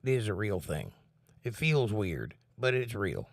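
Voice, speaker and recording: A man's voice: lowish voice, a little slow, vocal fry, no room sound, studio quality. A man hosting a casual livestream from home, talking earnestly about faith and reading out viewers' comments. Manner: relaxed, earnest, talks about faith and reads chat comments. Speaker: livestream host.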